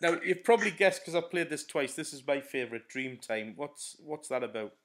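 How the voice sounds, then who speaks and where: A man's voice: a little high, expressive, brisk, fairly bright tone. A man presenting a radio show, interviewing a band in the studio in a hesitant way full of ums and repeats.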